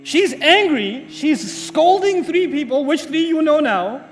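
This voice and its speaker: A man giving an Islamic lecture, telling a story with dramatic pauses and asking the audience rhetorical questions that he then answers himself. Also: very high voice, lively intonation. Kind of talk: religious lecture. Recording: hall reverb with faint music.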